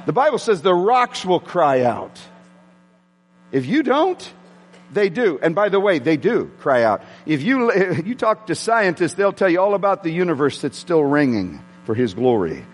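A man preaching a sermon to his congregation, excitable and prone to yelling. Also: fairly high pitch, moderate pace. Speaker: pastor. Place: church sanctuary with congregation. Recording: long hall reverb.

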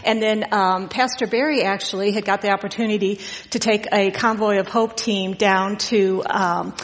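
A woman's voice: mid-range voice, steady tone, normal speed. A middle-aged woman giving an informal Father's Day sermon as guest preacher, chatty and full of fillers as she tells family stories. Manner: chatty and storytelling, frequent fillers and laughs. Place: church sanctuary. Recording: long reverb of a church hall.

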